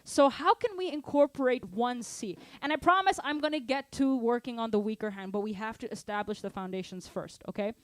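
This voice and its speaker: A woman teaching a drum lesson, energetic, counting beats aloud and asking her students to stay engaged. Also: a little high, brisk, hardly any pauses, dry recording. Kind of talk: live online drum lesson. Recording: drum kit playing behind. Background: drum kit.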